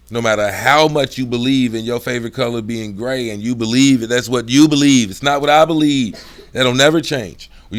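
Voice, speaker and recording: A middle-aged man hosting his own video, talking casually in slang and acting out the voices he uses, dropping his voice low when he gets serious. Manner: laid-back slangy, acts out voices, drops low for serious. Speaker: video host. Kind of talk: casual talk to camera.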